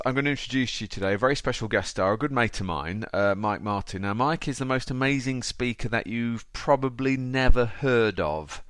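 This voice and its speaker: A man's voice: mid-range voice, a little fast, hardly any pauses, fairly bright tone, clean tone, faint music behind. A man hosting a podcast, chatty and upbeat, calling his guest mate and fella. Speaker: podcast host. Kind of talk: casual podcast interview.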